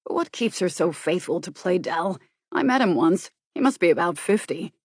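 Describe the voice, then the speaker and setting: A woman reading an audiobook, voicing a chatty, tactless male officer who talks quickly and gossips. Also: lowish voice, lively intonation, darkish tone, breathy edge, no room sound, clean studio sound. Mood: teasing. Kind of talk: audiobook character voice.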